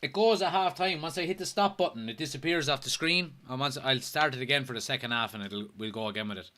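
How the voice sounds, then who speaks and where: Fast-talking and pushed, with a bright medium-pitched voice, the Irish host of a laid-back football watchalong stream jokes around, curses, and reads out comments from viewers.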